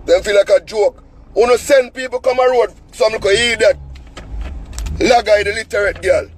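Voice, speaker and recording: A man's voice: high-pitched, normal speed, poor audio. A Jamaican man telling a story as an angry, cussing rant in heavy patois, sitting in a car. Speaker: vlogger.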